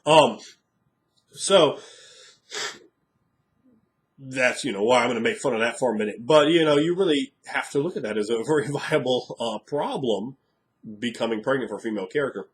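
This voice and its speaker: A man's voice: mid-range voice, normal speed, long pauses. Frank rambling male game master. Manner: frank, rambling, thinking aloud. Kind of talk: casual monologue.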